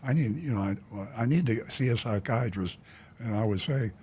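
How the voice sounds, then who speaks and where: An older man hosts a call-in talk show in a blunt, indignant way, wandering off with plenty of "uh"s and restarts. His voice sits at an ordinary middle pitch, with a faint hiss underneath. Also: animated, moderate pace, a little mellow. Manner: blunt, indignant, rambling with many "uh" fillers. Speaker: talk show host, car dealer.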